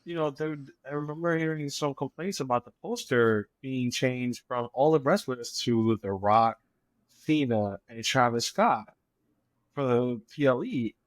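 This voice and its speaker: A man joining a podcast as a guest, talking in a measured, enthusiastic way with many fillers. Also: medium pitch, dry recording. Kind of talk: casual chat.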